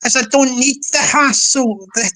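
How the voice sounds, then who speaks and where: A woman's voice: sits high, moderate pace, pushed and bright. A woman imitating an opinionated, unbothered woman, breezy and matter-of-fact.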